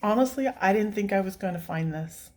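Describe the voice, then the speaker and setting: A woman's voice: mid-range voice, brisk. A woman hosting a coloring vlog, talking in a casual, gushing way and laughing often while teary and emotional. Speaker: coloring channel host.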